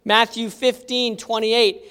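An animated Bible teacher telling stories and putting questions to the audience. The voice sits at an ordinary pitch and carries a long reverb from a large hall. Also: slow, clear, resonant tone. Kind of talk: interactive Bible lesson.

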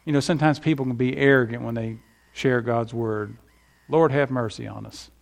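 A man's voice: mid-range voice, steady tone, normal speed, gravelly. A middle-aged man preaching a sermon with emphatic delivery and folksy stories. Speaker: pastor.

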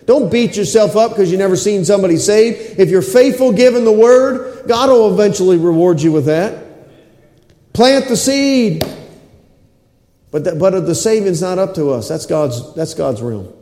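Impassioned high-voiced man preaching in an echoey hall. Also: animated, normal speed. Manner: impassioned, repeats phrases, drops to a low hush. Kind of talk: sermon. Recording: echoey hall with long reverb.

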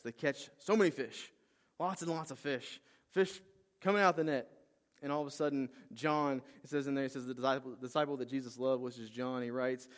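A man delivers a sermon in a storytelling way. He acts out the characters' words with bursts of energy and a mid-pitched voice. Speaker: pastor.

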